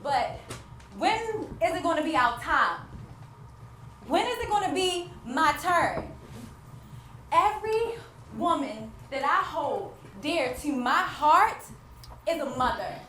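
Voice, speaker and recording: An actress playing a grieving wife who longs for a child speaks slowly in a high voice, moving between despair and faith. The stage monologue was recorded from a distance in a very echoey theater. Room noise can be heard behind her. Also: expressive. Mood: heartbroken. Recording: echoey stage miked from afar.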